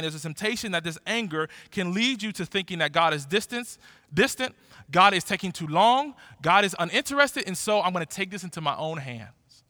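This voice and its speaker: High, bright-voiced man preaching. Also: no echo, studio quality. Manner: animated, conversational preaching with repeated restarts. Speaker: pastor. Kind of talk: sermon.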